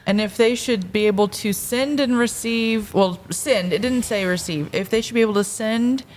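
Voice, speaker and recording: A woman co-hosting a casual podcast chat, measured, with wry interjections. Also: a little high, darkish tone, a little hiss or hum. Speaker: podcast co-host.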